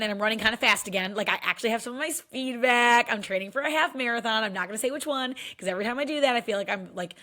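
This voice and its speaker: A woman's voice: a little high, fairly bright tone. A woman in her thirties talking candidly to camera in a casual personal vlog, chatty and full of "like" fillers. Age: 30s. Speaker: vlogger.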